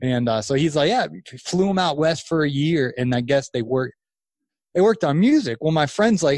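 A man in his thirties, a podcast guest, telling a long story in casual chat, animated and rambling with restarts. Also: a little high, moderate pace, dry recording. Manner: animated, acts out quoted voices, rambling restarts. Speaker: podcast guest, lawn care business owner.

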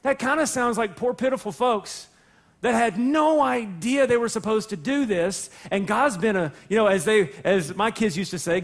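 A male pastor preaching in a church, animated and jokey, breaking into playful voices to act out the people and God in his story. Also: sits high, moderate pace, creaky. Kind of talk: sermon. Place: church sanctuary.

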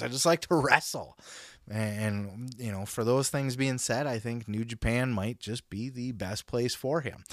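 A man's voice: mid-range voice, dry recording. Podcast guy ranting casually, swears a lot, laughs, dry close mic. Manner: excitable, profane, laughs often. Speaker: podcast host. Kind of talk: casual chat.

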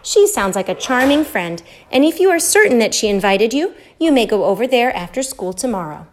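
A gracious storybook mother, voiced by a woman narrator, approving and pleasant. She speaks in the reader's own even voice. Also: a little high, a little fast, slight background noise. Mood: pleased.

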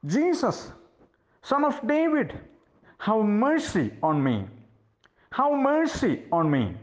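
A man voicing a desperate blind male beggar who shouts and pleads for mercy. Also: high voice, little pitch movement, rapid-fire, creaky, dull audio, voice pushed up. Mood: pleading.

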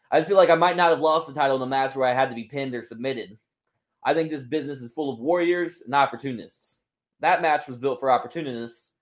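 A man's voice: medium pitch, lightly acted. A man voicing a proud, intense male wrestler delivering a scornful challenge promo.

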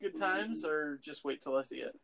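A man's voice: fairly high pitch, expressive, normal speed, creaky, a bit bright. A man co-hosting a casual podcast chat about films and TV, rambling and profane with lots of fillers. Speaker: podcast co-host.

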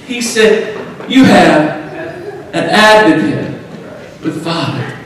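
A pastor preaching a fervent sermon and prayer, often shouting and repeating phrases in a chanting rhythm. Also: male voice, high-pitched, heavy reverb, distant mic, slight background noise, poor audio. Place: church sanctuary.

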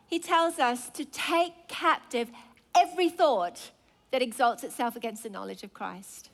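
A woman's voice: fairly high pitch, measured pace. A woman preaching a sermon, emphatic and impassioned, building with rhythmic repetition.

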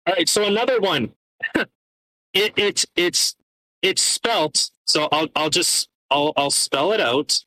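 A man with a bright, forceful voice and a fairly high pitch, ranting sarcastically on a podcast. He swears freely and stumbles over his reading. The sound is dry and close to the mic. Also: dry recording, poor audio. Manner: sarcastic, swears often, reads charges aloud haltingly. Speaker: podcast co-host. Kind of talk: casual podcast rant.

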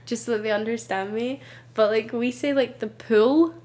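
A woman's voice: a little high, steady tone, fairly quick, darkish tone. A young woman from Scotland with a Scottish accent, chatting casually as a guest, with lots of "like" and giggles. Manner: chatty, giggly, says "like" a lot. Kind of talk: casual chat.

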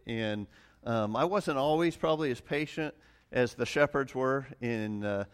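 Man, middle-aged, pastor, casual sermon, conversational, frequent restarts, average pitch. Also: measured pace, clear, resonant tone. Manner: conversational, many restarts and fillers, chuckles at himself. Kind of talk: casual sermon with personal stories.

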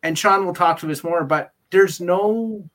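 A man's voice: high voice, a little slow, a bit bright. A man co-hosting a casual film podcast, ranting in an exasperated way and quoting his own reactions. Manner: exasperated, ranting with mock quotes. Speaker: podcast co-host.

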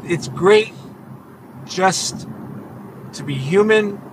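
A man with a high voice chats from the driver's seat of a car, telling animated stories and swearing freely. He acts out what people said as he goes. Road and engine noise runs clearly under his voice. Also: drawn-out words. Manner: animated storytelling, swearing freely, acting out quotes. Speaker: podcast host and rideshare driver. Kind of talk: casual chat. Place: inside a car. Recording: noisy car interior. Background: vehicle ambience.

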